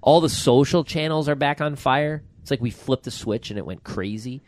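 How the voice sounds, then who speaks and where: A man in his forties hosting a podcast in casual chat, an excitable, rambling storyteller. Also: mid-range voice, normal speed. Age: 40s. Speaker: podcast host.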